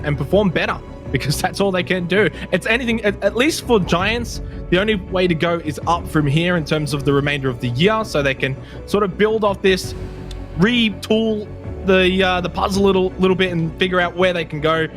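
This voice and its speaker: A man casting an esports match, losing his voice and shouting at the big plays. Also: high voice, moderate pace, over music. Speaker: esports caster. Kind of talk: play-by-play commentary.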